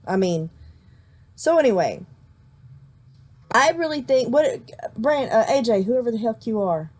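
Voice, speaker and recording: A woman's voice: a little high, lively intonation, unhurried, a little mellow. A woman hosting a casual movie discussion, chatty and long-winded, restarting her sentences often. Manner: chatty, explains at length with frequent restarts. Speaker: host.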